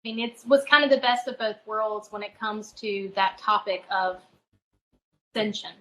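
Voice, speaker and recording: A middle-aged woman, a spiritual advisor, tells a personal story as a podcast guest, earnest and halting, often restarting her phrases. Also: mid-range voice, a bit bright, a little hiss or hum, low-quality recording.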